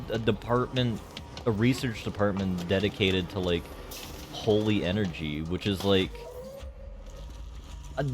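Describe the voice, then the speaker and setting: Male streamer, very deep, unhurried, rambling and filler-heavy. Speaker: game streamer. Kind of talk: casual live-stream commentary.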